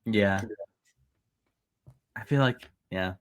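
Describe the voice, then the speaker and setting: A man's voice: on the low side, extremely slow, clean tone, no room sound. A man from Maryland, a podcast guest, talking casually in a hesitant way and laughing often. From United States, grew up in Maryland. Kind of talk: casual chat.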